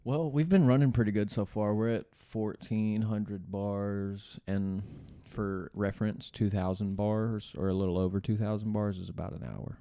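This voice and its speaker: Young man, podcast host, low voice, mellow tone, dry close sound, rambling and jokey. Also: steady tone, normal speed, hardly any pauses, dry recording. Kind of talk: casual chat.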